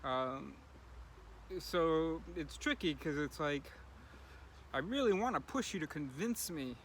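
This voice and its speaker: Male vlogger, casual musing delivery, bright tone, light street noise. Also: fairly high pitch, animated, slow pace. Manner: rambling, thinking aloud with many fillers. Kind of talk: casual daily video diary.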